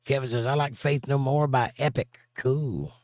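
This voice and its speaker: A man's voice: mid-range voice, steady tone, normal speed, darkish tone, no room sound. A middle-aged man hosts a livestream in a loose, joking way and reads out viewer comments between crude asides. His voice is recorded close and dry, with no room sound around it. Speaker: livestream host and musician. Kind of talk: casual chat, reading viewer comments aloud.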